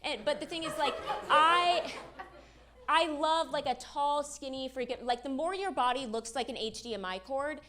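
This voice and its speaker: A young woman works a stand-up crowd with self-deprecating jokes and quick asides. Her voice sits high. The live stage recording carries clear background noise. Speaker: stand-up comedian. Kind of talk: stand-up comedy set. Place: comedy stage with live audience.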